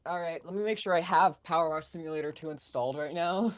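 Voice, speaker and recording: A woman's voice: low-pitched, fast talker, no echo. A woman joining a game stream over a voice call, joking dryly and swearing casually. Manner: sardonic, jokey, swears freely. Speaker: guest co-player.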